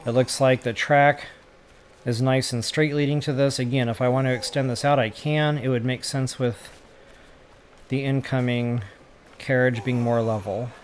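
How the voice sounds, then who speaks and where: A man's voice: mid-range voice, fairly even intonation, moderate pace, slight background noise. Chatty man thinking aloud while gaming. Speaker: gaming tutorial creator. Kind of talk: casual gameplay commentary.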